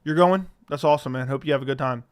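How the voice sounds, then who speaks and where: Quick-paced, with a clean mid-range voice, a livestream host casually reads questions from viewers out loud. He answers offhand, swearing freely into a studio dynamic mic.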